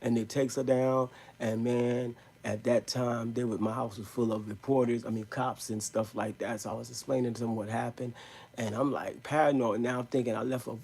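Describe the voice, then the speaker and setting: A man telling a rambling story in a live stream, in emphatic street slang, with a gravelly, husky voice. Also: medium pitch, darkish tone.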